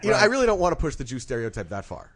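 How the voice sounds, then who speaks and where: Bright, lively joking male guest. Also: a little high, rapid-fire. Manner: joking, self-mocking, laughs often. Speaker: podcast guest.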